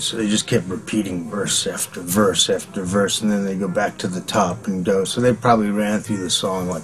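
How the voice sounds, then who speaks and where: A middle-aged man in a documentary interview, telling rowdy band stories in an animated, profane way and acting out what people said. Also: on the low side. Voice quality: profane, animated storyteller who acts out quotes with laughs. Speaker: former bandmate interviewed for a documentary. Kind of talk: casual storytelling interview.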